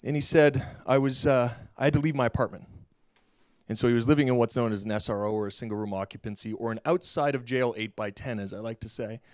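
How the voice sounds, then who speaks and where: A middle-aged man giving a keynote talk on stage, telling a story in a lively, casual way and acting out the dialogue with slang. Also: mid-range voice, quick pace, no room sound, studio quality. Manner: animated, acts out quoted dialogue, casual slang. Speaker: keynote speaker. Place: lecture hall stage.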